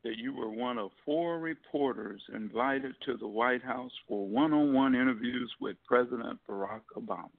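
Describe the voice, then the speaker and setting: Male host, gravelly, affirming, faith-minded questioner, phone-like sound. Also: mid-range voice, normal speed, few pauses. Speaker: interview host. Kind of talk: interview questions with faith talk.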